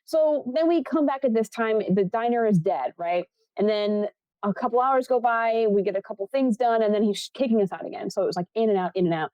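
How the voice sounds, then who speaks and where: A woman's voice: fairly high pitch, a little fast, a little mellow, no echo. A young woman from Buffalo, New York, a film assistant director, telling a story in a casual interview. She acts out the people she quotes and laughs often.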